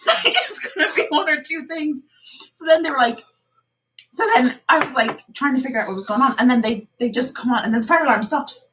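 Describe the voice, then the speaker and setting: A woman's voice: sits high, a little fast, noisy background. An Irish woman in casual chat, telling stories animatedly, acting out what people said and laughing often. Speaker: vlogger telling stories to family.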